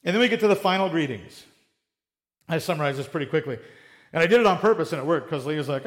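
A man preaching a sermon in a conversational, animated way, acting out little quoted exchanges. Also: a little high, fast.

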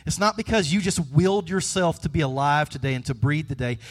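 A pastor preaching a sermon, switching between conversational asides and hushed, earnest passages, with playful jokes aimed at the congregation. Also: high-pitched.

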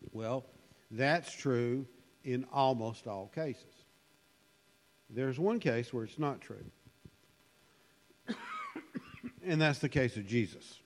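Slow, musing preacher in a reverberant hall. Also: male voice, mid-range voice. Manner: unhurried, musing, with frequent fillers. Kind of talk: conversational sermon.

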